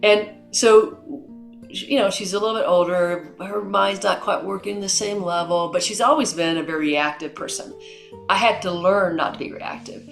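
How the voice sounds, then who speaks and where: A middle-aged woman hosting a podcast, telling stories in an animated way and acting out the dialogue. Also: medium pitch, moderate pace, creaky, roomy sound, soft background music. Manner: animated storyteller, acts out dialogue. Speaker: podcast host. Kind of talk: conversational interview.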